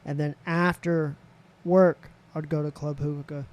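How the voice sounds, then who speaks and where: A man's voice: fairly high pitch, little pitch movement, unhurried, a little mellow. A man, a podcast guest telling a personal story in casual talk, candid and swearing freely. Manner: candid, swears freely, voices others in quotes.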